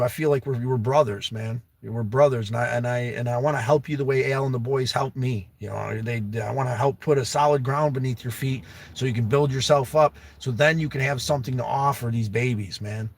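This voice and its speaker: A young livestream host with a medium-pitched voice earnestly begs a viewer he calls brother to come stay at his home. His talk is emotional and heartfelt. The recording is dry.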